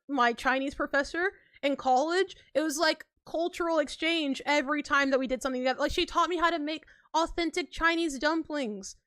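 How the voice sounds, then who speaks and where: A young woman chatting casually on a live stream, animated and slangy, laughing often between lines. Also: sits high, dry recording, studio quality.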